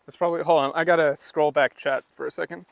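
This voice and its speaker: A man's voice: on the high side, fairly even intonation, quick pace, vocal fry, no echo. A man casually live-streaming while walking outdoors, chatting loosely with many fillers and asides as he explains things to his chat. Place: outdoors on a rural walk.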